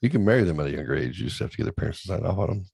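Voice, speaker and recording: Deep raspy middle-aged dude, crude loud banter, dry close mic. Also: male voice, animated, racing, no echo. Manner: loud, laughing, mimics his kids in high voices. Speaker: podcast host.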